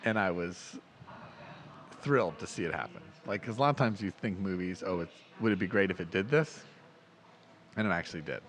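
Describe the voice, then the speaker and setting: Low-voiced man chatting eagerly about films. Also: a little fast, pauses often, a bit bright. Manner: enthusiastic, rambling, restarts often. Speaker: podcast co-host. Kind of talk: casual film discussion.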